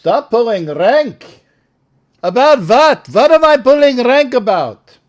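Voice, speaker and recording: Rambling older man hosting a slow chat. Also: extremely high pitch, sing-song. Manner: rambling, joking banter with callers. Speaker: sports show host. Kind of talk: casual live-stream chat.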